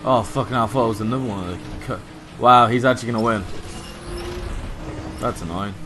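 A man's voice: fairly low pitch, a little fast, noisy background. A man commentating a racing game, cursing and venting his frustration in outbursts. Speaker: let's play gamer. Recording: faint game music behind.

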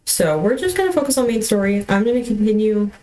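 A woman's voice: mid-range voice, expressive, fast talker, dark tone, low-quality recording. A young woman streaming a video game from home, talking casually with lots of fillers and restarts and often apologizing with a laugh. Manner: rambling, chatty, many fillers and restarts. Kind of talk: casual livestream chat while gaming.

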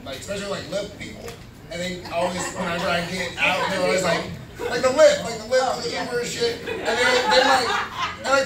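A man and guest comedian chatting on a panel, telling funny stories in an animated, laughing way. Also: sits high, far from the mic. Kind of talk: casual comedic panel chat. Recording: roomy live venue, mic from afar, loud crowd.

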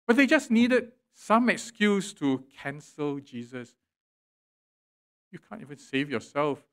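A male pastor, preaching a sermon in church, swelling loud and dropping quiet for emphasis. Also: fairly high pitch, very animated, slow pace. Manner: preaching with dramatic swells and drops in volume. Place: church sanctuary.

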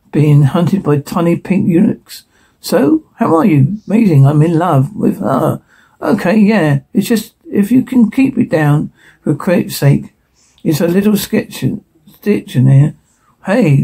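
Guy doing all the voices in a scene himself, gravelly and kinda husky, reads out the sound cues too. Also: fairly high pitch, dark tone, low-quality recording. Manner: switches between characters, reads sound cues aloud. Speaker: voice performer. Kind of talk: solo dub of a TV scene.

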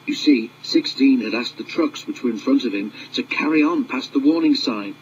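A man narrating a children's railway storybook in a measured, expressive reading. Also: mid-range voice, lo-fi sound, a little hiss or hum.

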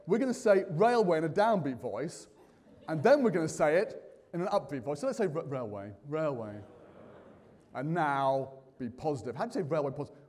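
With slight background noise and a reverberant hall sound, a conference host talks briskly in a slightly high voice. Lively and jokey, he keeps up a chatty patter and fires questions at the audience.

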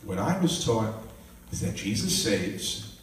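A man's voice: on the low side, big pitch swings, slow, slight background noise. A man in his sixties, a minister, telling his life story with animation, acting out the dialogue and laughing often. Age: 60s. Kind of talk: testimony storytelling. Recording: echoey room, voice from a distance.

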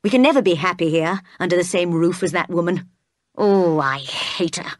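A woman reading aloud as a brooding, passionate gentleman who is quick to anger, in her own plain voice. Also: lowish voice, no echo, clean studio sound, close to an everyday voice.

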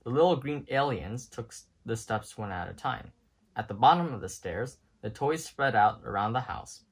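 A man reading a children's picture book aloud in an expressive, storytelling style. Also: mid-range voice, normal speed, gravelly, breathy edge. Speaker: storybook reader.

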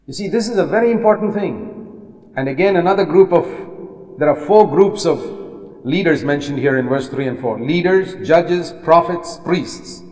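A man's voice: a little high, moderate pace, darkish tone. An older man preaching a sermon with emphatic delivery, hammering key words through repetition. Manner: emphatic, repeats key words with rising force. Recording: long hall reverb.

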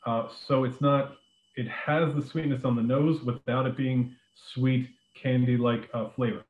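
A man teaches a live online class on making a drink, talking loosely and filling pauses with ums and uhs. His voice sits at an ordinary pitch. It comes through a narrow, phone-like line with a roomy echo behind it. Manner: relaxed, many ums and uhs, loose explanations. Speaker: beverages director teaching a cocktail class. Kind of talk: live online cooking demonstration. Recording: echoey room over a phone-like line.

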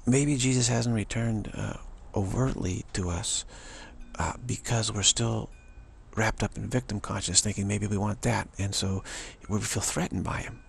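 Gravelly low-voiced man, rambling earnestly. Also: fairly even intonation, slight background noise. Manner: earnest, repetitive, halting with many restarts. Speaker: spiritual speaker. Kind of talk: rambling spiritual monologue.

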